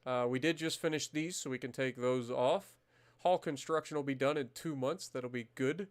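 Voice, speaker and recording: A man streaming a naval strategy game, commenting casually, swearing freely and bursting into loud disbelief at the battle results. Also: mid-range voice, moderate pace. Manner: muttering calmly while managing menus.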